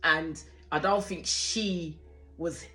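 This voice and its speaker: Woman, forties, lowish voice, outspoken reality-show reactor who rambles and curses. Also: steady tone, slow, pushed and bright, faint music behind. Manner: blunt, outspoken, swears freely; chatty, rambling with restarts. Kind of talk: casual reaction commentary.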